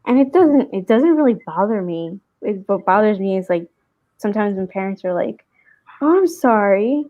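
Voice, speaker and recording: A woman's voice: mid-range voice, expressive, normal speed, narrow, tinny audio. A woman guest on a live stream, telling a story casually and rambling with lots of fillers. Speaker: guest co-host.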